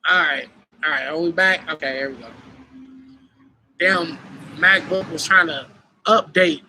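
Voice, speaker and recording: A young adult man who is a battle rapper, hosting a live stream with casual, profane, animated storytelling. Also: a little high, unhurried, a little hiss or hum.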